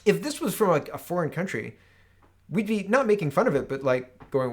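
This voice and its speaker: A man's voice: high-pitched, big pitch swings, fairly quick. Sarcastic man hosting political commentary. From Canada. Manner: sarcastic, reads headlines aloud, frequent "right?".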